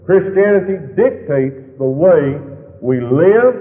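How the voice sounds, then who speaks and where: A man preaching a fiery sermon, with sudden loud, high swings in his delivery. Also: lively intonation, slow pace. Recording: tinny, lo-fi recording in a long-echo hall.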